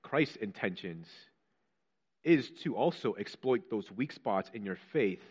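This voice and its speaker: A man's voice: fairly low pitch, lively intonation, unhurried, breathy edge. Preacher man with a muffled sound. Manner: rising to fervent rhetorical questions, dropping to hushed quotes. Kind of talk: sermon.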